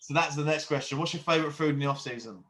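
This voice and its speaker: A man's voice: a little high, racing, sharp tone. Easygoing man hosting a podcast. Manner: easygoing, asks questions, chimes in with "yeah". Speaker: podcast host. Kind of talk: casual podcast chat.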